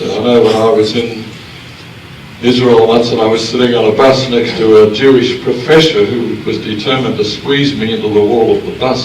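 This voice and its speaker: A man's voice: mid-range voice, a little hiss or hum. An older man, a pastor, telling a humorous story in a sermon with chuckles between lines. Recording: roomy hall, mic at a distance, faint ambience.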